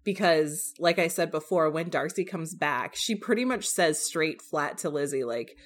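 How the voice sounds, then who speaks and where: A woman's voice: low-pitched, moderate pace. A woman co-hosting a casual book chat, swearing lightly, filling with "like" and laughing a lot. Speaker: podcast co-host.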